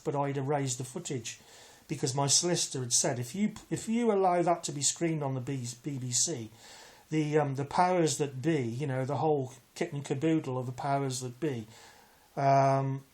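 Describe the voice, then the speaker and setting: With a medium-pitched, somewhat dark voice, a male vlogger tells the camera an aggrieved personal story. The telling is casual and rambling, packed with restarts and side comments.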